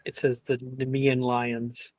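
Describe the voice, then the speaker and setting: A man's voice: medium pitch, monotone, slow, a little mellow, no room sound. A man playing a tabletop game in character, rambling and playful, often breaking into laughs. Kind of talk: in-character role-play.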